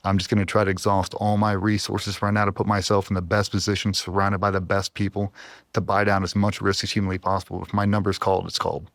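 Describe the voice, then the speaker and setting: A man's voice: low-pitched, level tone, fast, creaky, fairly bright tone, no echo. A man in his forties, a former special operator, talking earnestly and with strong emotion in an interview, close to tears at times. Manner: earnest, emotional, trying not to cry. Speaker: podcast guest, former Navy SEAL.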